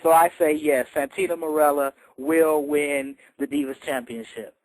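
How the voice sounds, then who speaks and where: A man's voice: fairly high pitch, fairly even intonation, normal speed, darkish tone, dry recording, low-quality recording. A man co-hosting a radio show, chatty and confident, often laughing as he answers quiz questions. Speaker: quiz contestant and co-host. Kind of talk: casual radio chat. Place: radio studio.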